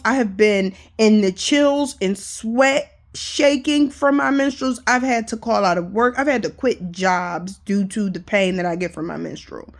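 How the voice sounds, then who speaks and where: A young adult woman candidly telling her personal story in a casual vlog, chatty and emphatic, with lots of fillers. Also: on the high side. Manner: emphatic, animated retelling. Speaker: vlogger.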